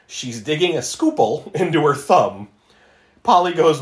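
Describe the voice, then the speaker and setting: Giggly, lively podcast host, echoey room. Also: medium pitch, moderate pace. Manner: giggly, animated storytelling with frequent laughs. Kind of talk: casual movie-review chat.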